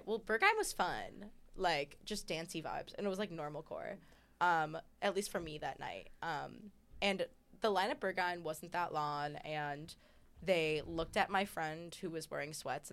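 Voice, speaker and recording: A woman comedian guest telling stories in casual podcast chat, giggly and animated. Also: low-pitched, measured pace, vocal fry.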